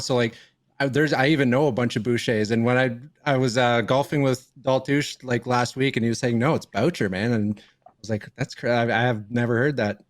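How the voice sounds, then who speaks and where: A man's voice: mid-range voice, fairly bright tone. A young Canadian man hosts a laid-back podcast with a mid-range voice. He keeps the mood upbeat, laughs often and repeats his stock phrases. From Northern Ontario, Canada. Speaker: podcast host. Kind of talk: casual podcast chat.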